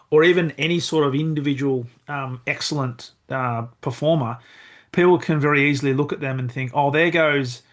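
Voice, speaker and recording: A man hosting a podcast, reflecting thoughtfully on his guest's story and thinking aloud. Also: medium pitch. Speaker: podcast host. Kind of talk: casual interview chat.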